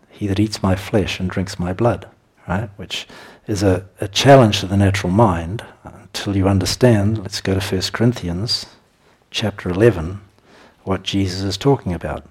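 A man's voice: sits low, slightly rough. A man preaching a sermon in a conversational way, reading scripture and chuckling between his points.

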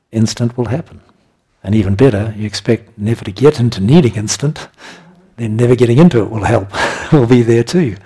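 A man's voice: mid-range voice, mellow, husky. A man preaching a sermon in a conversational way, reading scripture and chuckling between his points.

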